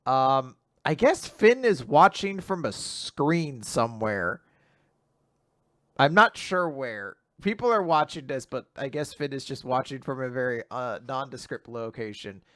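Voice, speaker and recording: A man's voice: medium pitch, expressive, measured pace, a bit bright, dry recording, clean studio sound. A young man hosting a casual manga recap podcast, chatty with laughing asides. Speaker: podcast host.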